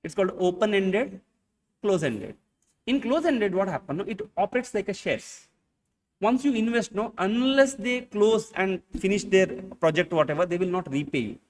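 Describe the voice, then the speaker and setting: A man's voice: sits high, animated, moderate pace, a little mellow, recorded from a distance. A man with an Indian English accent teaching accounting in a classroom lecture, firing rhetorical questions at his students and acting out little dialogues.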